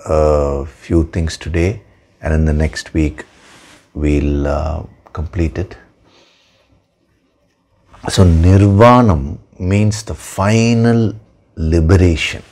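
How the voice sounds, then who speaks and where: A man delivers a spiritual discourse with a very deep, low voice. He speaks slowly and deliberately, leaning on repeated words for emphasis. His tone stays dark and mellow throughout. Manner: slow, measured, emphatic with repetitions. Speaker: spiritual teacher.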